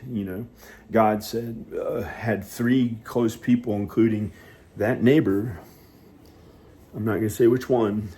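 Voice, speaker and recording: A man talking at home in a rambling personal monologue, hesitant and halting, with many restarts and fillers. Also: lowish voice, warm tone, slight background noise. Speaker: vlogger. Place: inside his house.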